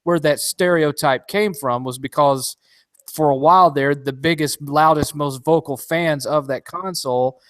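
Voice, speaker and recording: A man's voice: fairly high pitch, a little slow, fairly bright tone, dry recording. Rambling man, dry close mic. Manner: rambling, full of restarts and fillers. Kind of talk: casual podcast chat.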